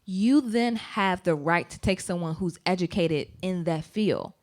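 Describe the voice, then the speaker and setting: Woman podcast co-host, somewhat low voice, emphatic anecdote-driven talker. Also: unhurried. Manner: emphatic, gives advice in anecdotes; mimics voices when quoting people. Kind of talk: casual podcast chat.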